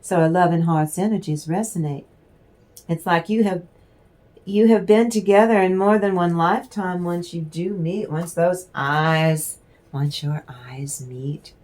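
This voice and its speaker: A woman giving a casual spiritual tarot reading, rambling and affectionate, stopping now and then to clear her throat. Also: on the low side, measured pace, a little mellow. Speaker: tarot reader.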